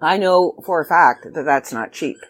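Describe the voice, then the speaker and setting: Woman from Canada, middle-aged, casual promo chat, lively swinging pitch, self-deprecating asides. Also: slight background noise. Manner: chatty and self-deprecating, quick emphatic asides. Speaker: magazine editor and contest promoter. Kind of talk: casual video announcement.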